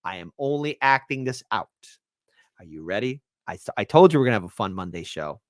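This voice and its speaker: A woman's voice: extremely low pitch, big pitch swings, a little fast, no echo, studio quality. A woman from Chicago hosting an online commentary show, talking in a mocking, playful way. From Chicago, USA. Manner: mocking, playful, bouncy delivery. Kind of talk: casual commentary stream.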